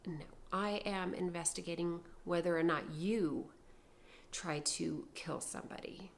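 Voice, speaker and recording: A woman voicing a serious male police officer in a hushed, measured tone while retelling a story. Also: lowish voice, steady tone, vocal fry. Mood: stern.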